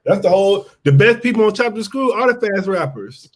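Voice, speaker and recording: A man hosting an interview, relaxed and slangy, laughing easily. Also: high voice, fairly quick. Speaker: podcast host. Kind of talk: casual interview chat.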